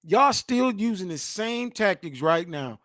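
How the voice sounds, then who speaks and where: High-voiced guy in his 40s ranting over news clips, dry close sound, slangy and mocking. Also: unhurried, no echo. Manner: animated, emphatic, mocking, slangy. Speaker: host.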